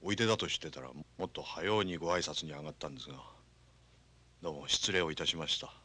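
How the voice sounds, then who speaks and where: Husky yakuza boss, super polite, bright edge, very deep. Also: male voice, rapid-fire, full character voice. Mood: courteous. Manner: formal, apologetic courtesy. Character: smooth, polite rival yakuza boss greeting a troublemaker.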